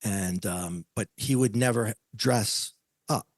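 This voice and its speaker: A man's voice: lowish voice, slow pace, no echo. A man telling a personal story as a podcast guest, acting out the voices of the people he quotes.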